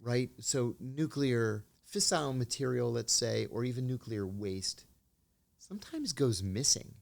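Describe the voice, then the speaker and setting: Mężczyzna z amerykańskim akcentem opowiada anegdoty w rozmowie, swobodnie i gawędziarsko, głosem o przeciętnej wysokości. Czasem odgrywa kwestie innych osób ze swojej historii. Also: male voice, medium pitch, lively intonation, unhurried, vocal fry, a little mellow. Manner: anecdotal, acts out quoted dialogue. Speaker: interview guest, former intelligence officer. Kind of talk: storytelling in a conversational interview.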